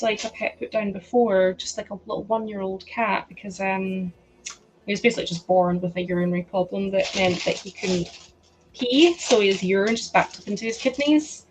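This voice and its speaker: Woman rambling away on a live stream, mid pitch, lots of likes. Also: moderate pace, noisy background. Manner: chatty, rambling, many "like" fillers, frequent laughs. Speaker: livestream host. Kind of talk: casual chat to a live chat while sorting.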